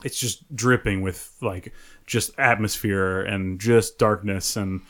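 A man co-hosting a casual chat, animated, laughing often and restarting his sentences. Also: on the low side, slow pace. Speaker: podcast co-host.

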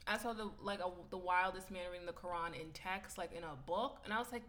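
A young woman co-hosting a casual chat, telling stories in profane slang and getting loud when excited. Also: medium pitch, fairly quick, a little hiss or hum.

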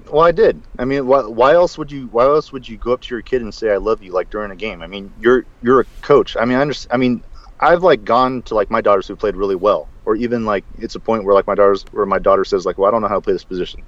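Fast-talking man in lo-fi casual chat. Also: fairly low pitch, no room sound. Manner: rambling, animated, with frequent restarts and "dude". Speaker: podcast co-host. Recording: dull, lo-fi sound.

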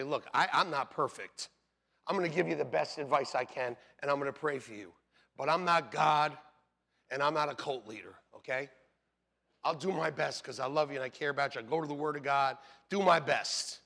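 Male pastor, high and lively, gravelly, husky edge; loud joking sermon delivery, church hall reverb. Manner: loud, animated, jokey storytelling, calls for amens. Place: church sanctuary.

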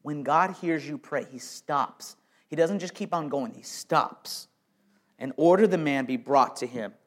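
A man with a fairly high voice preaches a sermon. He swings from near-whispered lines to loud, emphatic bursts and often repeats words as he restarts a thought. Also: moderate pace. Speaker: pastor.

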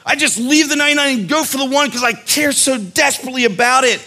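Man, pastor, sermon, bright tone, storytelling, emphatic. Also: very high voice, fast. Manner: conversational, storytelling with acted-out quotes; earnest, emphatic.

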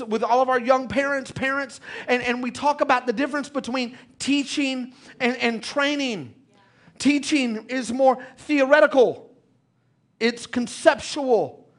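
A man with a very high voice preaches with energy, urging his congregation to respond. He drives his points home with repetition. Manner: animated preacher, calls out to congregation. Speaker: pastor. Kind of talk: sermon.

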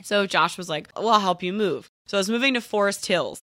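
A woman's voice: mid-range voice, brisk, fairly bright tone, dry recording, clean studio sound. A woman from Pennsylvania telling a personal story as a guest on a comedy podcast, chatty and laughing, with lots of fillers. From Pennsylvania, USA.

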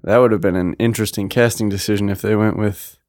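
A man co-hosting a casual podcast, adding measured, slightly apologetic remarks. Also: fairly low pitch, fairly even intonation, a little mellow. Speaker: podcast co-host. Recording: dry close mic.

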